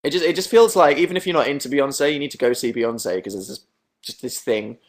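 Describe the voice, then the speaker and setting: Fairly quick and medium-pitched, a young man from England hosts a relaxed late-night stream from his bedroom. He goes through viewer comments in a dry, sarcastic way, often mocking himself.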